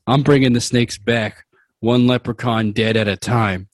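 A man putting on a goofy, boastful voice as a smug villainous male pitcher in a tabletop game. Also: steady tone, measured pace, no room sound, lightly acted. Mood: menacing.

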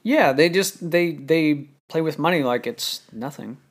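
A man who works on TV crews, telling stories in a relaxed, halting way during a casual chat. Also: a little high. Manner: relaxed, halting, many "like" fillers. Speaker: TV crew member guest.

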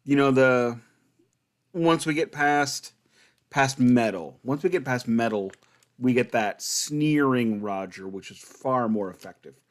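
A man's voice: mid-range voice, measured pace. A man co-hosting a podcast in casual chat, enthusiastic and wry, often restarting his sentences. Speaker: podcast co-host.

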